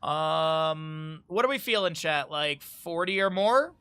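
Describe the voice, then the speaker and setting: Upbeat, bright-voiced male stream caster. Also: a little high, expressive, slow pace, clean tone. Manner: casual, upbeat and jokey, chatting with viewers. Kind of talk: live-stream game commentary.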